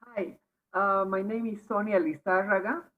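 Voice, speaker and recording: A woman with a strong Bolivian Spanish accent introduces herself on a video call, eager and hesitant. Her voice is mid-pitched. The call audio is narrow and tinny, like a phone line. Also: steady tone, normal speed.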